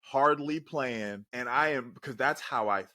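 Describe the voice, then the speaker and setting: A young man co-hosting a podcast, telling stories with animated, motivational energy. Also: medium pitch, a little slow, no room sound. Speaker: podcast co-host. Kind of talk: casual chat.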